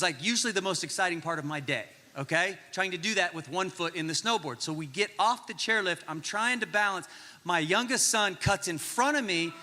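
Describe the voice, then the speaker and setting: A man preaching animated, joking pastor in a reverberant hall. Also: on the high side. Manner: animated, jokey, acts out voices in his stories. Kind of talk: sermon with comic storytelling. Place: large church auditorium.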